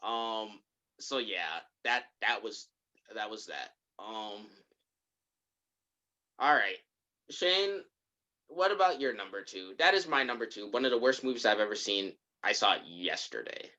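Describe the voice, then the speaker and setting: A podcast co-host in casual chat, retelling a movie scene by scene as an animated storyteller. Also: mid-range voice, measured pace. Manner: animated storyteller who acts out the characters' lines.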